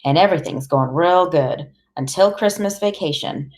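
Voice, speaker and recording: A woman's voice: fairly low pitch, moderate pace, a little mellow. A woman reading a first-person audiobook in a plain, conversational voice. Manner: plain, conversational, as a teenage boy. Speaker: audiobook reader.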